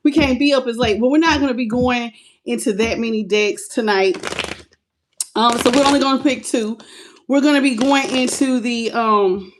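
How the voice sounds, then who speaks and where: A woman's voice: on the high side, moderate pace, background noise. Chatty, breathless woman streamer. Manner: chatty, affectionate, calls viewers "baby" and "y'all". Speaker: tarot reader hosting a live stream. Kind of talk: casual live-stream chat.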